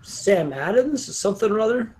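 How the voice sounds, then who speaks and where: A man who reviews beer, chatting in a lively, exclamatory way on a video call. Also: high-pitched, normal speed, background noise. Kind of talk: casual group chat. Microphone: video call mic.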